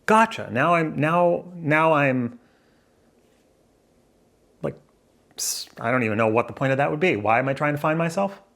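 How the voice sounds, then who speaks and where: Pausing often, a man talks at a moderate pace in an expressive, slightly bright, mid-range voice. He is indoors near a window, musing aloud to a camera facing him, rambling and second-guessing as he goes.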